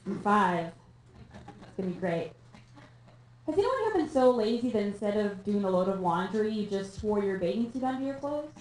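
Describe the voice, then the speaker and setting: A young woman from Canada performing a stand-up comedy set on a theatre stage, deadpan and self-mocking with quick asides. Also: mid-range voice. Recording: echoey room, live audience.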